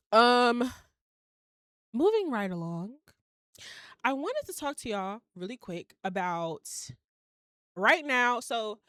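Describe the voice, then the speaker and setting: A woman's voice: mid-range voice, a bit bright, no echo, clean studio sound. A young woman hosting her own podcast in casual solo chat, blunt and candid, laughing at herself as she talks. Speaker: podcast host. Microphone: home setup on shaky wifi.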